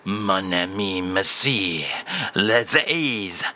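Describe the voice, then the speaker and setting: A man voicing a pompous Frenchman in a put-on French accent, reciting phrases slowly and theatrically. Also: deep voice, sharp tone, voice pushed down, exaggerated voice. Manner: slow, drawn-out, theatrical.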